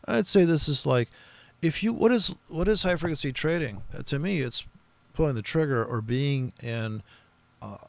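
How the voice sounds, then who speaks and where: Gravelly male trader, casual and profane, rambling over his charts, close dry mic. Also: on the high side, animated, moderate pace, no room sound. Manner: rambling, profane, mimics other traders in quoted voices. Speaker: forex trader streaming his trading. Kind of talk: profane casual trading commentary.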